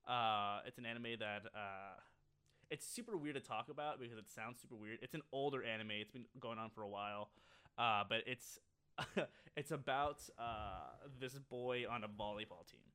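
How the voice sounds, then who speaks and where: A young man co-hosting a casual podcast, rambling with lots of fillers and quick laughs. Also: medium pitch, pushed and bright, smooth. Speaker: podcast co-host. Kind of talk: casual chat.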